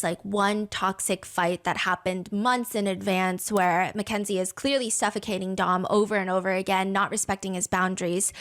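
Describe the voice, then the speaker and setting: A woman's voice: medium pitch, a bit bright. A woman telling a true crime story in a casual, emphatic way, full of asides. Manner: chatty, emphatic, many asides.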